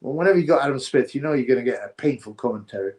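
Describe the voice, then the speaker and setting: A man hosting a live stream, chatting to viewers and reacting excitably to a fight. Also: mid-range voice, racing. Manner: chatty, excitable, slangy, talks to chat viewers.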